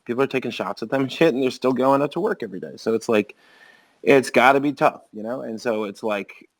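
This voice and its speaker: Brief: rapid-fire male podcaster, rambling storyteller, heavy on filler words. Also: medium pitch, rough recording. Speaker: podcast co-host. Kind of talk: casual podcast chat.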